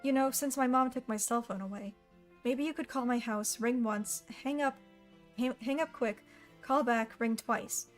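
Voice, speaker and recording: An eager, talkative schoolgirl, bubbly and imaginative, her voice sitting on the higher side, as a woman reads her aloud. The storybook reading carries light music in the background. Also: moderate pace, lightly acted. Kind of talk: audiobook character voice.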